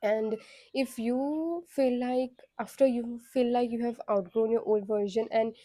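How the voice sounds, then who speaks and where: Woman vlogger, reflective and candid, soft dark tone, dry room. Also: fairly high pitch, steady tone, measured pace, no echo. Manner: reflective, candid, frequent fillers. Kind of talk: casual personal vlog.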